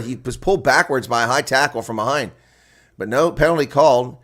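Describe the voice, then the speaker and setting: A man doing live solo rugby play-by-play and reaction commentary, excitable and exclaiming, chatting to viewers between plays. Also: mid-range voice, brisk.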